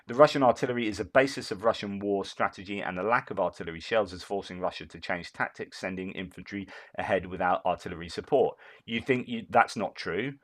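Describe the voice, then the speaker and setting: Man, low voice, news commentator, reads then rants, lots of fillers. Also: a little fast, few pauses, fairly bright tone. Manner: ranting asides with frequent fillers and restarts. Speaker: war update commentator.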